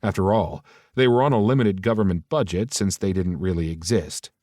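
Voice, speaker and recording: A man narrating a romance audiobook in a steady, even reading style. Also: deep voice, fairly quick, no room sound, studio quality.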